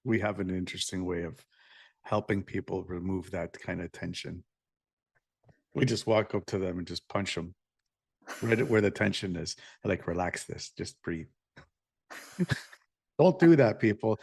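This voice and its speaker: A man with a lowish voice hosts a relaxed interview, cracking jokes and then asking thoughtful open questions. The recording is dry and close, with no room sound around him. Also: moderate pace, creaky, long pauses, husky, no room sound. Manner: joking, laid-back, asks open questions. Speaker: podcast host. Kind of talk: casual interview conversation.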